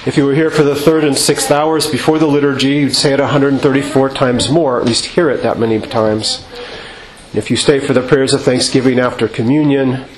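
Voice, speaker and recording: A male priest giving a measured sermon in a church, asking rhetorical questions and singing out quoted refrains. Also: medium pitch, fairly even intonation. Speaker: Orthodox priest. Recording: echoey church with faint ambience.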